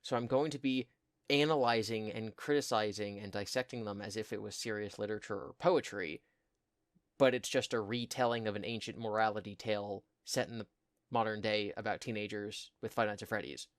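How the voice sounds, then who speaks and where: A man's voice: on the low side, fairly even intonation, a little fast, smooth, dry recording, clean studio sound. A man co-hosting a podcast, casually recounting a story in a rambling way, full of fillers and mocking quoted voices. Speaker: podcast co-host. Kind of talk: casual chat, retelling a story.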